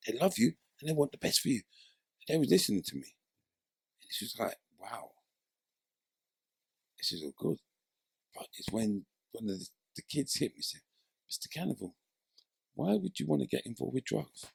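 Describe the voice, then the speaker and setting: A man's voice: medium pitch, normal speed, gravelly, pauses often, breathy edge, no room sound, clean studio sound. A man, telling his story in a casual interview and acting out the voices of people in it. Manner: animated, acts out voices in his stories. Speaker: interview guest, former footballer.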